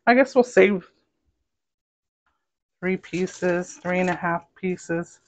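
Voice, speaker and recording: A woman's voice: lowish voice, slow. Chatty woman with a light Southern accent. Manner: chatty, rambling, savoring food aloud. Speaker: cooking vlogger. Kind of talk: casual cooking chat.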